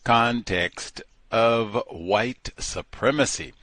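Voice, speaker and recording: A man hosting a call-in radio show, talking in a slow, deliberate and emphatic way. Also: medium pitch, a bit bright, no room sound.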